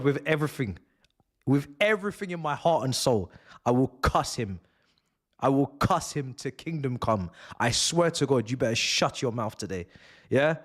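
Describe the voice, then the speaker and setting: A man's voice: mid-range voice, expressive, normal speed. A young man streaming a live football watch-along from home, ranting and swearing with bursts of laughter. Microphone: desk mic.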